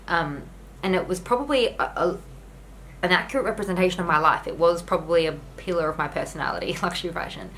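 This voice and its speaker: A woman's voice: on the low side, fast talker, fairly bright tone, a little hiss or hum, low-quality recording. A young woman talking candidly to camera in a home vlog, earnest and rambling with lots of "like" fillers. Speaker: YouTuber.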